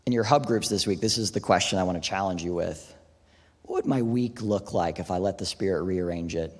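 A man's voice: sits low, a little fast. A man preaching a sermon in a casual, conversational way, often saying "like" and "right?". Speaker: pastor. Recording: long hall reverb.

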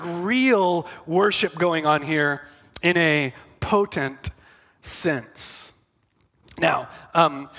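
High-voiced, bright-toned preacher man. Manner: earnest, emphatic, filler-heavy. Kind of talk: conversational sermon. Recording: echoey hall reverb.

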